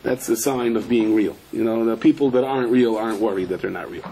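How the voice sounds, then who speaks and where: In a fast, creaky voice with a dark tone, a male rabbi teaches Torah through animated storytelling. Hebrew and Yiddish expressions slip into his speech, and he performs quoted figures in a raised pitch. Audio quality is poor.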